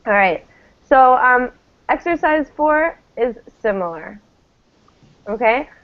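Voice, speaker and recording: A woman's voice: on the high side, animated, slow pace. A woman teaching English pronunciation to a class, patiently modelling each word for students to repeat. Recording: tinny phone-like classroom recording.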